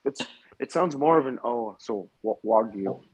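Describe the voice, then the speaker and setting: A man's voice: medium pitch, moderate pace, a crowd in the background, poor audio. A man chatting casually as a podcast guest, hesitant and often restarting his sentences. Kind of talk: casual chat.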